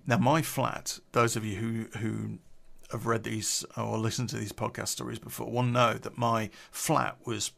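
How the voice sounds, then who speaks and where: A man's voice: on the low side, level tone, measured pace, vocal fry, fairly bright tone. A man telling an unedited personal story on a podcast, blunt, sweary and rambling, drinking beer as he talks.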